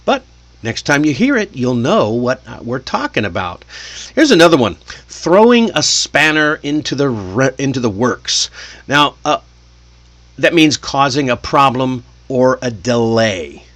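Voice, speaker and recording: An American man teaches English idioms casually and keeps turning to the listener with little questions. His voice sits at an ordinary middle pitch. The sound is dry and close, with no room echo. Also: a bit bright. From United States. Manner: chatty, asks the listener questions.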